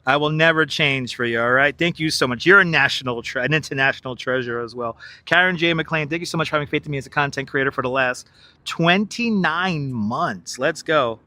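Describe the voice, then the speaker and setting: A jokey man on a live stream, laughing a lot and chatting straight to his viewers. His voice sits a bit high and sounds bright and forceful. He is outdoors, talking into a wireless clip-on mic. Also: a little fast, no echo. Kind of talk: live-stream walking commentary. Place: outdoors in Manhattan by the river.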